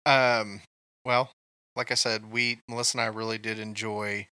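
A man's voice: fairly low pitch, little pitch movement, moderate pace, bright, forceful tone, clean tone, dry recording. A man from Kansas co-hosting a casual movie chat, telling rambling stories with many ums. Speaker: podcast co-host.

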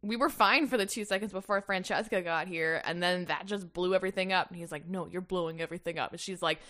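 A woman's voice: on the low side, fast, a bit bright. A woman co-hosting a casual podcast, gossiping animatedly about a reality show, swearing freely and laughing along. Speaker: podcast co-host. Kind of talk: casual chat.

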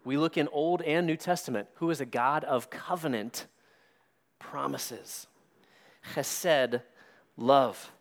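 A man preaching a sermon as a pastor, stressing words slowly and dropping his voice quietly at key points. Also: medium pitch, gravelly.

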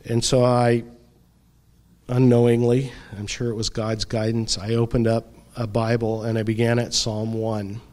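A middle-aged man preaching a sermon, reflective and unhurried, often pausing and letting his voice drop softly. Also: medium pitch, level tone. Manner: slow, reflective preaching with pauses and soft drops. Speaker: pastor.

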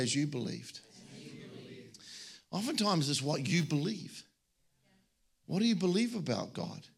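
Animated preacher, fairly high voice. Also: male voice, vocal fry. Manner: animated, joking, storytelling with many restarts. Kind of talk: sermon.

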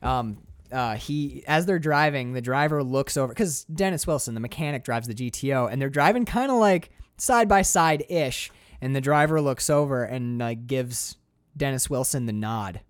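A man hosting a casual chat about a film, excitable and swearing freely as he acts out scenes. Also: mid-range voice, normal speed, clean tone, no echo, studio quality.

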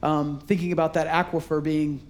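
A middle-aged man with a high-pitched voice preaches a sermon in a church sanctuary. He tells stories and acts out the voices of the people in them, speaking into a stage microphone. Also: a little fast. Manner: animated storytelling with acted-out voices. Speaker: pastor.

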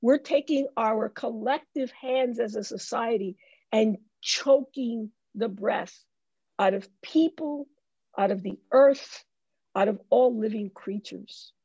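A woman from the Bronx, speaking as a guest in an interview with a preaching cadence, slowing into emphatic drawn-out phrases. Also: on the high side, dark tone, slightly rough, no echo. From the Bronx, New York. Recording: dull lo-fi dry sound.

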